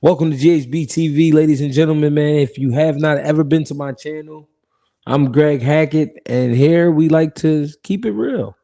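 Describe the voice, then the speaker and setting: Gravelly laid-back man hosting a boxing stream. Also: a little high, normal speed, warm tone. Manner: laid-back, slangy, laughs often, repeats himself. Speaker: host of a live boxing talk stream. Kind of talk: casual live-stream chat, reading viewer comments.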